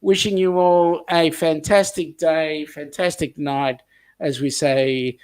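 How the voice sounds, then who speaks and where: Australian man, livestream host, casual rambling chat, lots of ums, fairly high voice. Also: steady tone, slow, clear, resonant tone. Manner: rambling, warm sign-off with many ums, reads viewer comments aloud.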